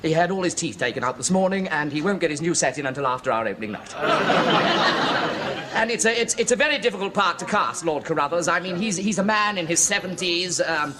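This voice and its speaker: An actor playing a fussy, effusive amateur theatre director who stammers and repeats himself. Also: male voice, fairly high pitch, animated, a little fast, a loud crowd, natural voice. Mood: gushing. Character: fussy, gushing male amateur stage director. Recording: noisy old television sitcom recording.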